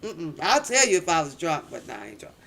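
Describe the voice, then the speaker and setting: A middle-aged woman hosting a casual live chat, telling stories loudly, laughing often and cursing freely. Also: lowish voice, very animated, fairly quick, noisy background. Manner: loud, laughing, profane storytelling. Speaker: livestream host.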